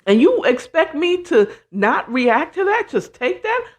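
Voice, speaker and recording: A woman hosting a casual advice talk, animated and blunt, acting out quoted voices and sprinkling in "child" and "you know what I'm saying.". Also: sits high, a little slow. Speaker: host.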